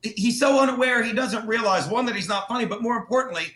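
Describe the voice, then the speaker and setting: Speaking quickly in an extremely high voice, a man guesting on a podcast as a comedian tells a profane, animated story, imitating others when he quotes them. The podcast studio gives the recording a roomy echo.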